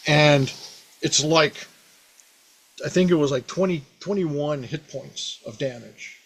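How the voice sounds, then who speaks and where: A man with a slightly higher-pitched voice tells a tabletop game story in a loose, rambling way. He is animated, stumbling through fillers and restarts as he recounts what his players did. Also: slow pace, husky. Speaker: podcast host, game master. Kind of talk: casual storytelling about a past game.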